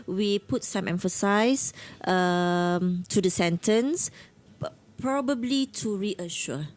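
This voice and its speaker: A woman's voice: medium pitch, slow, soft background music. A woman with a Malaysian English accent, a guest teacher explaining grammar on the radio and switching between English and Malay. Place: radio studio.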